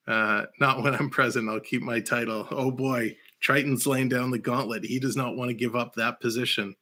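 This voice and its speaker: A man hosting a casual live-stream of hockey play-by-play and chat, who bursts into shouts on big plays. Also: mid-range voice, steady tone, normal speed.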